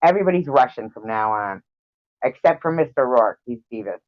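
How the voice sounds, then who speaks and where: A woman's voice: a bass voice, lively intonation, brisk, dry recording, lo-fi sound. Playful woman bantering with her stream chat. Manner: playful, teasing, answers chat messages aloud; tries out joke accents. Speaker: livestream host. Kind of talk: casual livestream chat with viewers.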